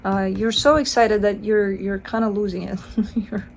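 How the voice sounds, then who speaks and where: A woman's voice: mid-range voice, little pitch movement, normal speed, gravelly, a little hiss or hum. A woman giving a casual tarot card reading, chatty and playful, swearing casually and acting out the listener's side. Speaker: tarot reader.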